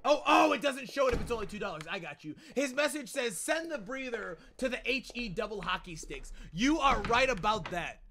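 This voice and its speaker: A young man chatting casually on a gaming livestream, reacting loudly and thanking viewers for donations. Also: very high-pitched, fairly quick, few pauses, a little hiss or hum. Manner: excitable, loud outbursts, reads out donations. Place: home.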